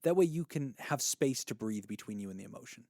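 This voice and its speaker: Guy on a therapy podcast, bouncy lively pitch, dry close mic, explains stuff casually. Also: a little fast, gravelly, no echo. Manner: animated, explanatory, laughs easily.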